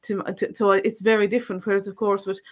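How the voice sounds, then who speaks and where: Irish woman co-host, relaxed and chatty, mid-range voice, laughs easily. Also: mid-range voice, quick pace. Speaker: Irish language teacher, co-host. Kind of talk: casual live-stream chat.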